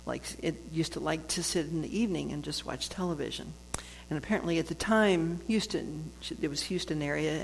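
A woman giving a reflective spiritual talk, conversational and quick to laugh, with frequent restarts. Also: sits low, creaky. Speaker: speaker sharing a book's lessons on forgiveness. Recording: long hall reverb with faint noise.

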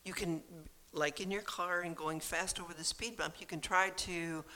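A speaker giving a gentle, earnest and reflective personal talk. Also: mid-range voice, steady tone, moderate pace.

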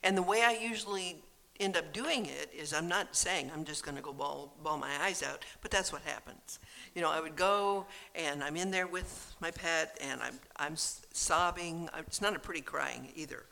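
Gravelly, bright reflective speaker. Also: mid-range voice, moderate pace. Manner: gentle, earnest and reflective. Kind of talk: reflective personal talk.

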